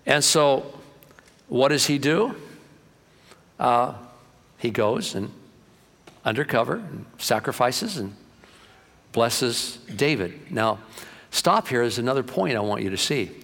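A man's voice: mid-range voice, expressive, slow pace, gravelly, pauses often, fairly bright tone. A male pastor giving a sermon in an emphatic, conversational way, often repeating himself, with long hall reverb.

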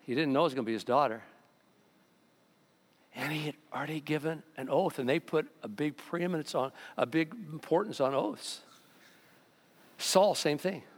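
High-voiced, animated preaching man. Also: normal speed, long pauses, big-room sound. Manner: animated, mocking voices of the people he quotes. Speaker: pastor. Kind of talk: sermon. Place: church sanctuary.

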